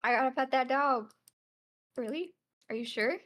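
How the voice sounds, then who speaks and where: Playful young woman streamer, bright voice. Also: high voice, moderate pace. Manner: playful, laughs often, coos baby talk at pets. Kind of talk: reading a text horror game aloud on stream. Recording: music playing behind the voice.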